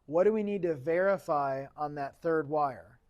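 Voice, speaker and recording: A man's voice: a little high, normal speed, a little mellow, dull audio. A man teaching an automotive class in a chatty, casual lecture style, often asking the students questions. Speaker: automotive instructor.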